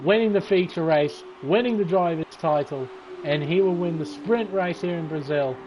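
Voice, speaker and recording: A man giving casual commentary on a sim-racing league race, excitable and sleepy, swearing and laughing. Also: on the high side, normal speed. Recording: race car engine noise behind. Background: racing game car sounds.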